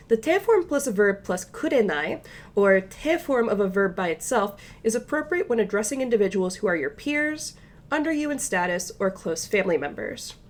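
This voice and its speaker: Speaking in a mid-range voice, a woman teaches a recorded language lesson, giving patient step-by-step explanations and slowing down whenever she reaches an example phrase.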